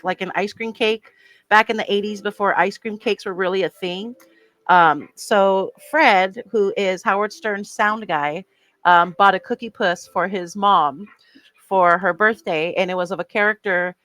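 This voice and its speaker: A woman's voice: mid-range voice, fairly bright tone, rough recording. A woman chatting casually as she builds a kit on her toy vlog, rambling and poking fun at herself. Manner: chatty, rambling and self-mocking. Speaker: toy unboxing vlogger.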